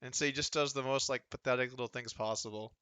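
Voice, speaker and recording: A man in his thirties rambles through a casual poker livestream, dry humor running through his chatter. His voice is bright and a little tense. It sits close to the microphone in a dry room with no echo. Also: mid-range voice, steady tone, quick pace, clean tone. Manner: rambling, sardonic, mocking impressions of others. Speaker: poker streamer. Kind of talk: casual livestream chat while playing online poker.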